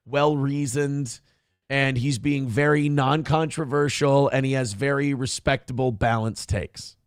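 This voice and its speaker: Gravelly, sarcastic morning show host. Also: male voice, mid-range voice, steady tone, measured pace, no echo, clean studio sound. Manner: profane, sarcastic, rambling. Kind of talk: casual political talk show.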